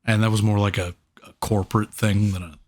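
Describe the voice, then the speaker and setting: A man's voice: on the low side, fairly even intonation, a little fast. A man co-hosting a movie review podcast, chatting casually, swearing often and giving blunt opinions. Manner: laid-back, swears a lot, blunt opinions. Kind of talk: casual chat.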